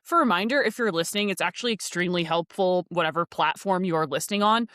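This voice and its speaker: A woman's voice: fairly low pitch, fast talker, fairly bright tone, no echo. Dry-humored woman co-hosting a podcast. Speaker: podcast co-host, coach. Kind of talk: casual podcast chat.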